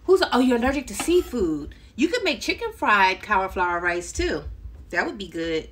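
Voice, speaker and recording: A woman's voice: mid-range voice, very animated, normal speed, slight background noise. A middle-aged woman chatting casually with livestream viewers while she chops vegetables in her home kitchen, laughing often. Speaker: cooking livestream host. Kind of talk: casual cooking livestream chat. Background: loud chopping and kitchen clatter.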